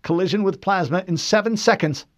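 A man voicing a tense female helm officer giving tight, clipped status reports, pitched high. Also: brisk, natural voice.

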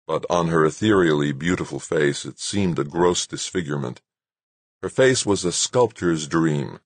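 Super deep husky guy narrating an audiobook, steady, dry close mic. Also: dry recording. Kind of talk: scripted narration.

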